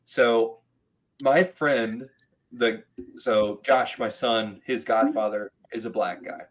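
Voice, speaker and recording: A man in his thirties chatting casually, telling animated stories, laughing often and mimicking voices. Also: mid-range voice, takes it slowly, a little hiss or hum, low-quality recording. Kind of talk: casual chat.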